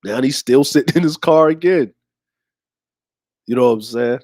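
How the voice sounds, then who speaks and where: A man's voice: medium pitch, moderate pace, a little mellow, no echo, studio quality. A man hosting a show, talking to his audience in a slangy, rambling way. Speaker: host. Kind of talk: casual commentary.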